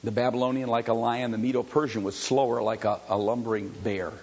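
Husky-voiced male preacher, quiet storytelling that builds to shouting, lo-fi hall recording. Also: medium pitch, level tone, a little fast. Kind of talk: sermon. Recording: dull lo-fi sound with long hall reverb.

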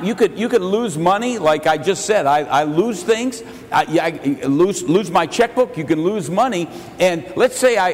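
A male pastor preaching a sermon. He stumbles over repeated words and swings between loud and soft. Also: sits high, in a large hall. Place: church sanctuary.

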